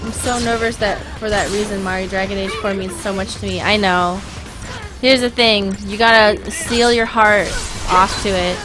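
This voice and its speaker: A woman's voice: medium pitch, steady tone, normal speed, music in the background. A woman streamer ranting angrily and profanely while playing a video game live, mimicking people in sarcastic quotes.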